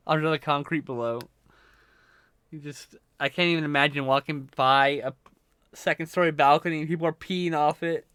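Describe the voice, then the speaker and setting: A man's voice: on the high side, steady tone, normal speed, pauses often, a bit bright, smooth, no room sound. A man hosting a livestream, telling a rambling, profane anecdote in casual chat, full of restarts and swearing. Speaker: livestream host.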